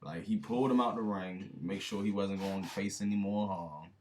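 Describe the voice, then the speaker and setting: A man's voice: low-pitched, steady tone, moderate pace, slight background noise. A man hosting a reaction video, talking casually and with disbelief, laughing now and then and speaking straight to his viewers in slang.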